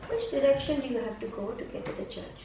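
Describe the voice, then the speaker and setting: Patient high-voiced woman teacher, echoey room. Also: fast. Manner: patient, coaxing, repeats prompts and praise. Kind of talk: one-on-one map-reading lesson. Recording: echoey room from far off, faint noise.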